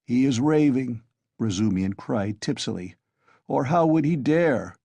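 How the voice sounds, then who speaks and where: A man voicing a loud, tipsy young man who blusters and argues, in a husky voice. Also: medium pitch, lively intonation, measured pace, dry recording, heavily acted. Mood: blustering.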